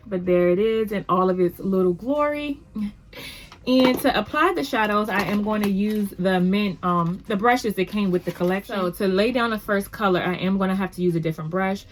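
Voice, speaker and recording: A woman hosting a casual makeup tutorial at home, chatty and upbeat, rambling a little with fillers as she talks to the camera. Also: medium pitch. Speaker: beauty vlogger.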